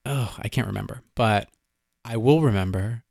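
Gravelly-voiced man, laid-back podcast chat. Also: on the low side, moderate pace, a little mellow, no room sound, studio quality. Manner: laid-back, with frequent fillers. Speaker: podcast co-host. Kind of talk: casual chat.

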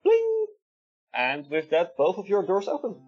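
A man narrating as the game master of a tabletop game, describing scenes in a halting way with many fillers. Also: high-pitched, animated, breathy edge. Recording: dull lo-fi sound with faint music.

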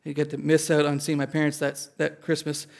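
A male pastor from Indiana tells an audience a personal story. He is animated and self-deprecating, and his voice sits somewhat high. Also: fairly quick, gravelly.

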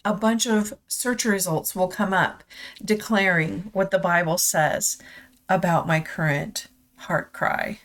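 A woman hosts a devotional podcast in an unhurried, gentle voice. She talks in a tender, confessional way that comes close to tears, then reads scripture aloud. Her voice sits a little low. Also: steady tone. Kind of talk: personal devotional reflection and scripture reading.

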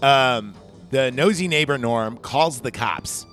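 A man's voice: medium pitch, expressive, slow, a bit bright, soft background music. A man casually recapping a film on a podcast, rambling and swearing as he acts out its lines. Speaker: podcast co-host. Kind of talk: casual movie recap chat.

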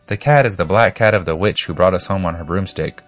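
A man voices an earnest ten-year-old farm boy from a storybook, lifted a little above his own low voice. He speaks insistently, with faint music in the background. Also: fairly quick, lo-fi sound, natural voice. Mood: sleepy.

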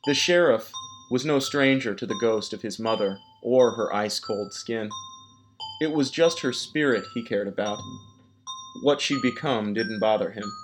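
A man reading a story aloud as narrator, in a measured, even storytelling manner. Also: lowish voice. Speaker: audiobook narrator. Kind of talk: scripted narration. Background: background music.

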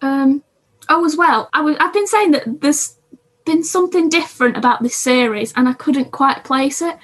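A woman's voice: high voice, moderate pace. A woman co-hosting a casual podcast, chatting about TV shows from her notes. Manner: chatty, reads from notes, self-interrupting. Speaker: podcast co-host.

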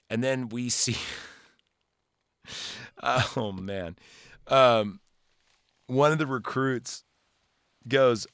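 Male podcast host, casual movie recap, profane and rambling, bright voice, dry close mic. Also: mid-range voice, slow, pauses often, smooth, no room sound.

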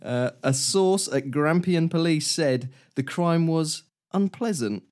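A man's voice: on the high side, expressive, takes it slowly, darkish tone. A man co-hosting a casual comedy podcast, reading odd news stories aloud and often breaking into laughter. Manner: giggly, reads quotes with a chuckle. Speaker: podcast co-host.

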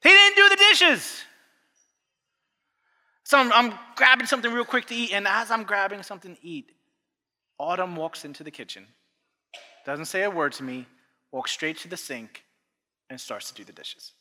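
Telling a story during his sermon, a pastor in his thirties speaks in a high, very bright and sharp voice that swings up and down. He talks at normal speed with long pauses, animatedly acting out family dialogue, while long reverb from a large church hall trails each phrase.

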